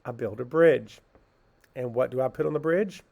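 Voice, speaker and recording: Patient man teaching phonics, gravelly voice. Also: mid-range voice, a little mellow. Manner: slow, patient, asks questions and answers them himself; sounds words out syllable by syllable. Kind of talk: phonics lesson for children.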